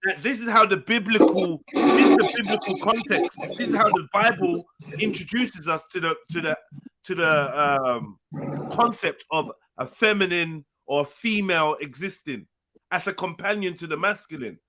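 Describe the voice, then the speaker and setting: Brash high-voiced man. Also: moderate pace, sharp tone. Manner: brash, profane, combative. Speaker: host of live panel stream. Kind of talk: heated live stream debate.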